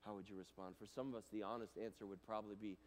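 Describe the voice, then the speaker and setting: A man giving a chapel talk to students, animated and casual, swinging between loud and hushed, with plenty of fillers. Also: on the low side, very fast, slight background noise. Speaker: guest speaker. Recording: reverberant hall.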